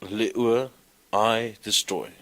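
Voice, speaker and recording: A man teaching a class, explaining grammar slowly and reciting verb forms in a sing-song way. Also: on the low side, steady tone, a bit bright. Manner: slow, deliberate, recites conjugations in a sing-song. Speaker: lecturer. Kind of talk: classroom lecture.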